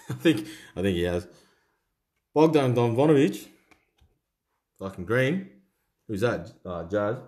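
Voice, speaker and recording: A man's voice: on the low side, very animated, slow pace, long pauses, darkish tone. A young Australian man co-hosting a card-opening video, heckling his mate with crude banter and a "mate" on every line. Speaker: card-break co-host. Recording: roomy echo.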